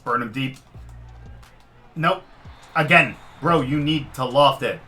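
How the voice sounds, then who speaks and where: Man, gaming commentary, bright forceful voice, excitable, faint music behind. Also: medium pitch, slow. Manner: excitable, swings from muttering to shouting at the quarterback. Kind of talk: live gameplay commentary.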